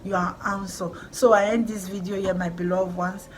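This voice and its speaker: A woman's voice: mid-range voice, little pitch movement, moderate pace, a little hiss or hum, poor audio. A middle-aged woman with a Nigerian accent, talking emphatically to her viewers in a repetitive, preaching vlog style. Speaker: vlogger. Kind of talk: encouraging vlog talk.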